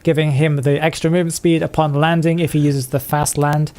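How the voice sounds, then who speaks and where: With a slightly high, darkish voice, level tone, and brisk delivery, a man streams live game commentary on viewers' matches. He's casual and talkative, playing with a made-up accent full of rolled R's.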